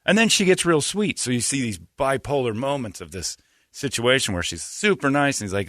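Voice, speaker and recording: Male podcast host, bright animated delivery, dry close sound, slips into mocking voices. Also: mid-range voice, a little fast, no room sound. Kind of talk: casual chat.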